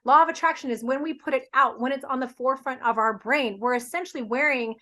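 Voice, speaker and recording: Woman, podcast guest, high bright voice, earnest, explains with examples. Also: fast. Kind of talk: casual podcast conversation.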